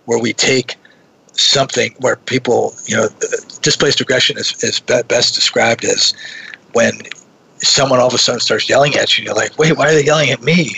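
A man talking as a radio show guest, an executive coach, halting and repeating words before he finds them. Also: medium pitch, fairly even intonation, vocal fry, pushed and bright, husky, rough recording. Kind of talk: radio interview answers.

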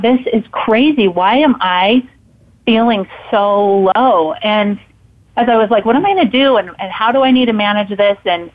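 A woman guest telling a personal story in casual conversation, animated and acting out her own thoughts in quotes. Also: mid-range voice. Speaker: podcast guest and author. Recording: tinny phone-like line.

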